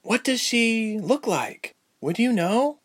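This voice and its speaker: A man voicing a curious young woman traveler who asks soft, thoughtful questions in a storybook. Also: extremely high pitch, big pitch swings, takes it slowly, breathy edge, pitched above the performer's own voice, exaggerated voice.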